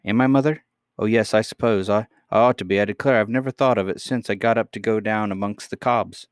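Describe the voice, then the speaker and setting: A man's voice: fairly low pitch, fairly quick, clean tone, no echo, studio quality, lightly acted. A man voicing an earnest, impulsive young miner boy in a read-aloud storybook.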